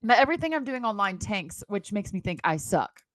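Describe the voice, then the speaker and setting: A woman in her thirties co-hosting a podcast in casual chat, animated and joking, quick to tease. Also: medium pitch, no room sound. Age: 30s. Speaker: podcast co-host.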